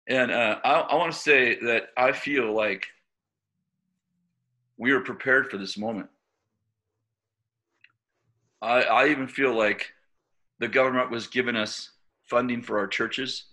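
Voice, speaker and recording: A man's voice: medium pitch, measured pace, bright, forceful tone. A middle-aged man leading a church, preaching informally and telling a story conversationally, with many fillers and restarts. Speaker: church leader.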